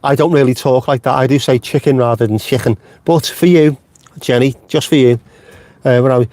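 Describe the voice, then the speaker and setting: A man's voice: mid-range voice, steady tone, fairly quick, a little mellow, dry recording. Chatty, sweary man streaming from his car. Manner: chatty, swears freely, jokey tangents. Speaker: vlogger host. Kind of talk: casual live-stream chat. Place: inside a car.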